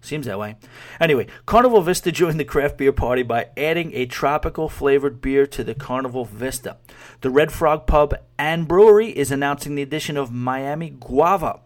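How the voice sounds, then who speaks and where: A man's voice: mid-range voice, moderate pace. A podcast host, a man with a mid-range voice, chats loosely and keeps chuckling through his own stories. He restarts sentences and trails off, in an easy conversational way. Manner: rambling, amused, laughs while talking, trails off. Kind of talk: casual podcast chat.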